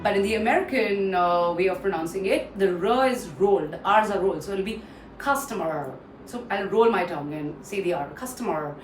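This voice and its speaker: A woman trainer walks through word pronunciations and repeats each one for drill. She pauses often with "uh". Her voice sits slightly off-mic in a roomy space with a faint hiss behind it. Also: medium pitch, recorded from a distance. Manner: frequent "uh" fillers. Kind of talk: online pronunciation lesson.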